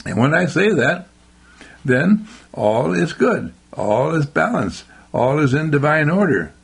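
A man delivers an inspirational thought for the day in a slow, emphatic way that keeps repeating itself. His voice is gravelly and husky. His pitch swings in lively rises and falls. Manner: slow, emphatic, repetitive, exclaiming. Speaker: university dean giving a daily thought. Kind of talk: inspirational radio talk.

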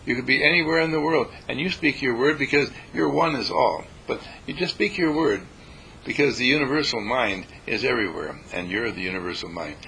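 A man with a bright, gravelly voice teaches meditation in a folksy, repeating style. He sometimes acts out a panicked worrier before calming down again. A faint hiss and low rumble sit under the recording. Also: low-quality recording. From California. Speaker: dean and spiritual teacher. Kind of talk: spoken meditation lesson.

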